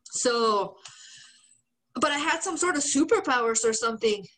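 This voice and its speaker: A woman's voice: a little high, expressive, a little slow, fairly bright tone, rough recording. A woman co-hosting a podcast, telling a story in casual chat, swearing and laughing often. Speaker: podcast co-host.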